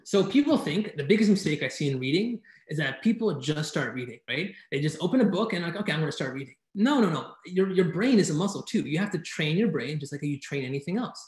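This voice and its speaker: A man giving an energetic online presentation, talking enthusiastically and often checking in with "right?" as he teaches. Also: a little high, echoey room. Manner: enthusiastic, fast-talking, keeps asking "right?". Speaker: conference speaker teaching speed reading. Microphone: video call.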